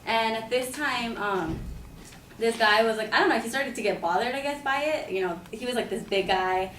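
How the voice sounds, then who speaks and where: A woman's voice: fairly high pitch, normal speed, a bit bright, slight background noise. A woman casually telling a personal anecdote, chatty and full of "like" and "you know". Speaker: storyteller. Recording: roomy echo, mic at a distance.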